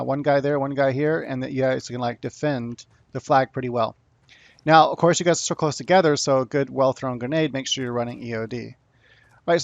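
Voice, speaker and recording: Gravelly man coaching through gameplay. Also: mid-range voice, dry recording, muffled recording. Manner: rambling with frequent restarts and "you know". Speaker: gaming tutorial creator. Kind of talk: casual gameplay commentary tutorial.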